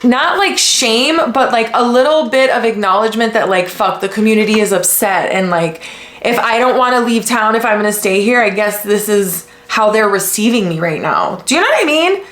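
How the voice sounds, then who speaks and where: A woman from the United States hosting a podcast, talking in a blunt, casual way with lots of swearing and animated retellings. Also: on the high side, normal speed. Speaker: podcast host. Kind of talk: casual commentary. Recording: echoey room.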